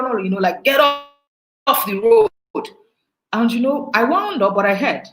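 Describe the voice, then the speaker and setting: A Nigerian woman giving a storytelling talk on emotional intelligence, animated and laughing often. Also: mid-range voice, echoey room, low-quality recording.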